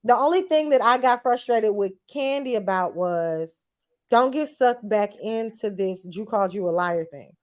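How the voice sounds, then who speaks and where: A woman's voice: mid-range voice, lively intonation, moderate pace, darkish tone. A woman co-hosting a casual reality-TV recap chat, blunt and slangy, laughing often. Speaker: podcast co-host.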